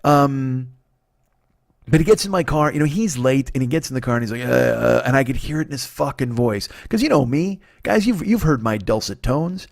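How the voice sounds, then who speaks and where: A man in his forties talks through a rambling, profane comedy monologue into a podcast mic. He is sick, so his voice comes out a bit hoarse and he sniffles between thoughts. His pitch sits in an ordinary middle range, and the room sound is dry and close. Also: lively intonation, moderate pace, dry recording. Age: 40s. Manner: rambling, profane, self-mocking. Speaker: podcast host.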